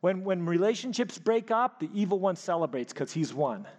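Male pastor, high voice, sermon, animated storytelling, long hall reverb. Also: normal speed. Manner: animated storytelling, frequent restarts.

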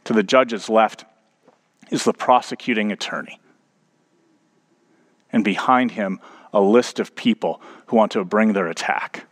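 A man's voice: lowish voice, a little slow, long pauses. A man preaching a sermon as pastor. He tells stories and builds to emphatic peaks.

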